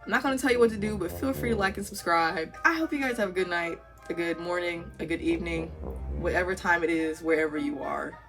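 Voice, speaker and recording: A woman's voice: on the low side, quick pace, music in the background. A young woman telling a story to camera in a casual vlog, acting out the voices of the people in it. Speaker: vlogger.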